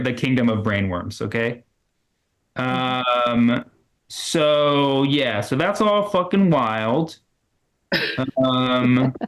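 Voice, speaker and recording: A man performs stand-up comedy in a club, talking in a loose, rambling way. His voice sits a little high for a man. He fills gaps with ums and restarts his lines often. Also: a bit bright. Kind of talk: stand-up set on a livestream.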